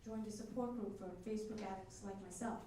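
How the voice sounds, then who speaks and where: A woman's voice: mid-range voice, fairly even intonation, quick pace. Brash woman comic in an echoey club. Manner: brash, crude punchlines with chatty crowd asides. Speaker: stand-up comedian and host. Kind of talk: stand-up comedy set. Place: comedy club stage. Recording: echoey club from a distance with crowd noise.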